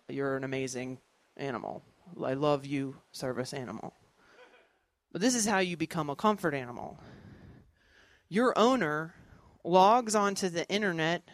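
Stand-up comedian, thirties, animated storyteller who acts out other voices. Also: medium pitch, dry recording.

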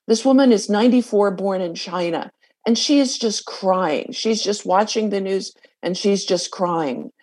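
A woman's voice: mid-range voice, a little mellow. A woman lawyer interviewed on radio, speaking in an earnest, explanatory way.

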